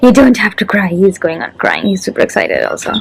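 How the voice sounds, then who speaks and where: A woman's voice: mid-range voice, a little fast, gravelly, poor audio. Woman, lifestyle vlogger, casual talk to camera, eager and chatty, faint background noise. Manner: chatty, excited, talks straight to viewers. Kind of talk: casual vlog narration to camera.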